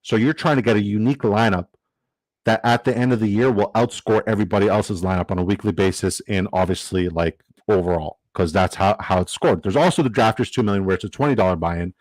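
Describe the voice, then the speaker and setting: A man's voice: on the low side, fast, a little mellow, no echo, low-quality recording. A man hosting a casual fantasy football draft stream, rambling with lots of fillers and reading chat comments aloud.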